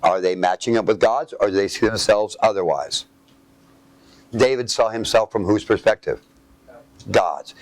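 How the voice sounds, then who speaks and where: Speaking at normal speed with frequent pauses, this preacher has a fairly low voice. He reads scripture out loud before commenting, and he repeatedly asks his listeners to supply the missing words.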